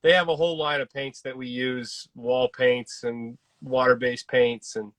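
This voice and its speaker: A man's voice: medium pitch, little pitch movement, unhurried, a bit bright, dry recording. A young man from Kansas hosting a casual interview, eager and enthusiastic. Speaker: host.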